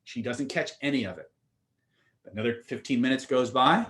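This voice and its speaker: Guy running a training seminar, punchy and direct, throws rhetorical questions at you, mid-pitched voice. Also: moderate pace, long pauses, fairly bright tone. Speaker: influence and communication trainer. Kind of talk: seminar teaching with storytelling.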